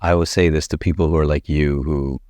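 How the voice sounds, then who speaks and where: Male podcast host, very low voice, thoughtful and halting. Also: steady tone, darkish tone, dry recording, studio quality. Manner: thoughtful, halting, searches for words. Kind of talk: reflective interview questions.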